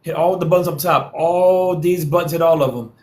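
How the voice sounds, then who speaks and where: A man's voice: a little high, fairly even intonation, a little fast. A man hosting a live social stream, hyping viewers with repeated calls to follow and share and playful trash talk.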